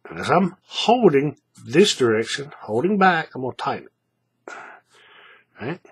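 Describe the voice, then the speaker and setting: A man with a slightly husky, breathy voice explains a paracord craft as he works with his hands. His pitch rises and falls in a lively way, and he keeps checking in with "right?" as he repeats each step. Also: unhurried.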